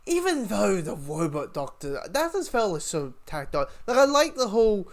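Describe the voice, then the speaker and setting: A man talks through a TV episode review in a loose, rambling way, with a somewhat high voice. He keeps stopping and restarting his sentences. It sounds like casual chat, not a script. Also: sing-song, normal speed. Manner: rambling, lots of fillers and restarts.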